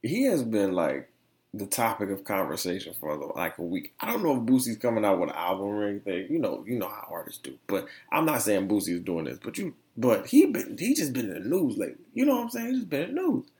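A man's voice: fairly low pitch, wildly swooping pitch, quick pace, darkish tone. A young man hosting a casual solo podcast, rambling and slangy as he tells stories with plenty of animation. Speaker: podcast host.

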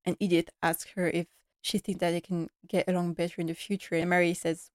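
A woman talks through a drama episode in a casual recap. Her voice is fairly low and stays flat in its tune. She sounds earnest and emotional, fills her talk with likes, and the sound is close and dry. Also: fairly quick, hardly any pauses, no room sound. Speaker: TV series recap vlogger.

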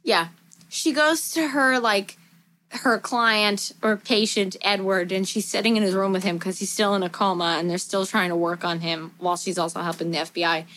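A podcast co-host with a mid-range voice recaps a movie at a normal speed, swearing freely and acting out quotes in an animated way. A little hiss or hum is audible in the recording.

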